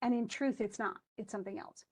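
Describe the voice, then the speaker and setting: A woman with a fairly high voice lectures a class on poetic meter. She reads lines of verse aloud with heavy stresses and taps out the rhythm in syllables. She thinks aloud with restarts and turns to students with questions. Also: a little fast, warm tone, breathy edge. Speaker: English instructor.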